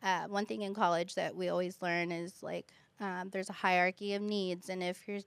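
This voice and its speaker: A young woman who teaches kindergarten, chatting casually as a podcast guest and telling stories with lively quoted voices. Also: fairly low pitch, normal speed, vocal fry, clean tone, no echo.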